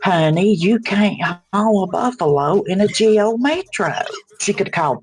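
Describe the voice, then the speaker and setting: A woman's voice: medium pitch, expressive, measured pace, background noise. A woman doing a comedy skit as a sassy, blunt older customer service lady with a drawl.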